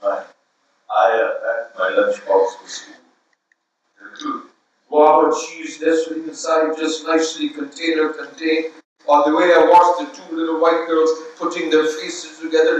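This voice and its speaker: An older actor giving a theatrical solo stage monologue, swinging between hushed murmurs and loud outbursts. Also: male voice, fairly high pitch. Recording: echoey hall, voice from far off.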